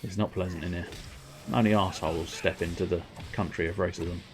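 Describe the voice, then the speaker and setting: A man playing a gruff male border guard who warns someone off in a low, quiet voice. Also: steady tone, a little fast, slight background noise. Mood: stern warning.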